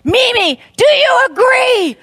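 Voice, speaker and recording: Woman doing a squeaky, insistent little boy. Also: sing-song, takes it slowly, fairly bright tone, no room sound, full character voice. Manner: insistent, pleading questions. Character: small boy, eager and earnest.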